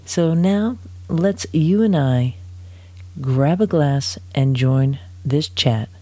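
A man's voice: a little high, takes it slowly, dark tone, dry recording. A man hosting a podcast, talking in an upbeat, chatty, rambling way while introducing a guest. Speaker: podcast host.

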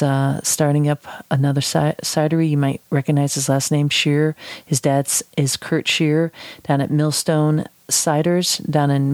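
A woman's voice: low-pitched, a little mellow, no room sound. Chatty, gushing woman podcast host. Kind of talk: casual chat.

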